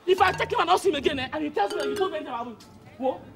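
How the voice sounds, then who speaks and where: A woman's voice: sits high, lively intonation, gravelly, a crowd in the background. A defiant young Nigerian woman. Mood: threatening. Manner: defiant, stammering, fast. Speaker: young daughter. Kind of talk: Nollywood film acting. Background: loud film score music.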